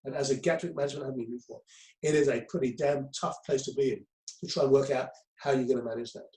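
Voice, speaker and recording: A man's voice: mid-range voice, steady tone, fast, a little mellow, echoey room, rough recording. A man giving a conversational lecture on crisis management to a group, often repeating himself with many ums.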